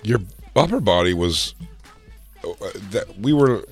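A man's voice: lowish voice, very animated, a little slow, soft background music. A middle-aged man hosting a podcast, teasing his friends in crude, casual banter. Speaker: podcast host. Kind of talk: casual chat.

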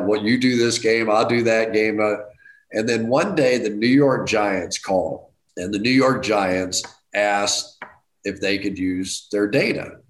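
A middle-aged man telling a casual anecdote as a guest, self-deprecating and animated, jumping to high excited outbursts. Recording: roomy echo.

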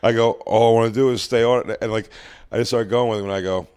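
A man's voice: medium pitch, fast talker, clear, resonant tone. A man, a stand-up comedian, chatting casually and animatedly acting out exchanges with a heckler. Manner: animated, acts out crowd exchanges. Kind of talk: casual chat, storytelling.

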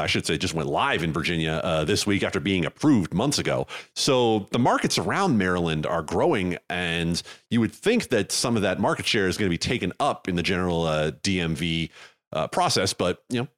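Animated joking man co-hosting a podcast. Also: sits low, brisk. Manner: rambling, joking, filler-heavy. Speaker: podcast co-host. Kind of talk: casual chat.

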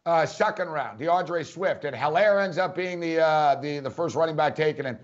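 A man's voice: fairly high pitch, moderate pace, muffled recording. A man co-hosting a sports podcast, emphatic and incredulous, hammering his points in casual debate.

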